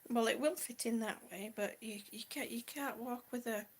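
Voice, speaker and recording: A woman's voice: fairly high pitch, normal speed. A middle-aged woman, a little out of breath, chatting affectionately with live viewers and calling them honey and sweetie. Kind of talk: casual live-stream chat.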